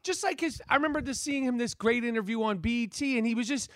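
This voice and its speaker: A man chatting as a podcast guest, rambling and excitable, with frequent swearing. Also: extremely high pitch, quick pace, no room sound, studio quality. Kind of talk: casual interview chat.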